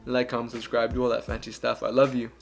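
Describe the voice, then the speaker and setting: Young male vlogger, gravelly, loose and joking, faint music bed. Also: mid-range voice, completely flat delivery, fast talker. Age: young adult. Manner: candid, joking, rambling. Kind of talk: casual Q and A vlog.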